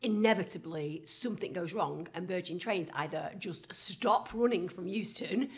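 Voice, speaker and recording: A woman's voice: lowish voice, normal speed, a little mellow. A woman co-hosting a podcast, chatting casually with a wry, talkative manner. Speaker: podcast co-host. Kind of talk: casual chat.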